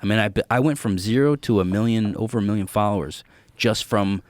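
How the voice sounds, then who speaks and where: A man's voice: on the low side, fairly quick, dry recording, clean studio sound. A man, a comedian guest, telling stories in casual podcast chat, swearing freely and acting out the voices of the people he quotes. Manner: animated, profane, acts out quoted voices.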